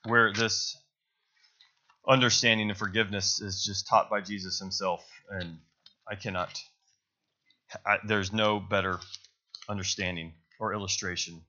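A man's voice: fairly low pitch, fairly even intonation, unhurried, long pauses, sharp tone, muffled recording. A man preaching a sermon to a congregation in a loose, conversational way, correcting himself as he goes and checking in with "right?". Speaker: pastor. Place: church service.

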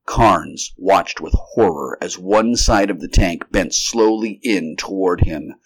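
A man giving an unrehearsed, steady, measured reading of a vintage science fiction story. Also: low voice. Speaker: narrator.

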